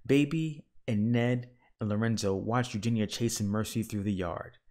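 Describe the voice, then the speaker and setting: A man reading a children's picture book aloud in a calm, measured narration. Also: fairly low pitch. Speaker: storyteller.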